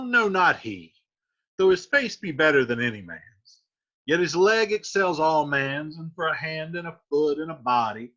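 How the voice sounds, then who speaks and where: A man slips into a tired old nurse grumbling about her aching bones and teasing as she goes, in a slightly raised, animated voice. The tone is bright, and the recording is muffled and lo-fi. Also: on the high side, voice pushed up, exaggerated voice. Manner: complaining, teasing.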